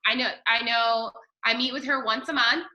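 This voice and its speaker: A woman's voice: a little high, fairly even intonation, normal speed, sharp tone, dull audio. A woman chatting casually on a video call, giving peer feedback and often acting out what others said. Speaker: sign language student.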